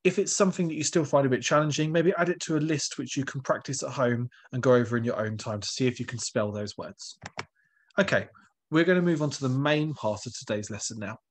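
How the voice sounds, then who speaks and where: A man's voice: mid-range voice, brisk. A male primary school teacher, giving a recorded online lesson in a patient, encouraging way and asking the pupils questions.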